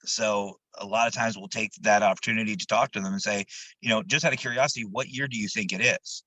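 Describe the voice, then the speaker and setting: A man who investigates the paranormal, a guest on an interview show, telling his stories in a casual, animated way. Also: on the low side, quick pace, no room sound, rough recording. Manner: animated, jumps into quoted voices, laughs while telling stories.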